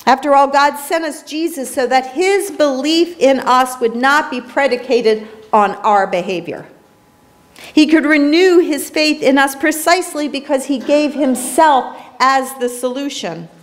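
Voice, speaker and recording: A woman's voice: high voice, unhurried. A woman pastor giving an earnest, reflective sermon in a small church, telling a story along the way.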